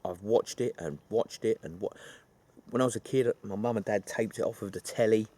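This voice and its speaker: A man's voice: lowish voice, brisk, mellow. A man retelling a film plot in a rambling, chatty way, full of asides. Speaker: film reviewer.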